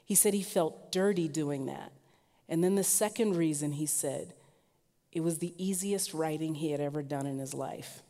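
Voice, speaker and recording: Woman preacher, lower-pitched voice, animated sermon delivery, long hall reverb. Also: normal speed. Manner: lively storytelling, rising in pitch and force when emphatic.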